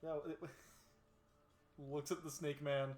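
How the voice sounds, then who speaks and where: A man's voice: on the high side, level tone, extremely slow, darkish tone, echoey room. A man playing a tabletop game, joking and laughing in casual chat. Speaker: player.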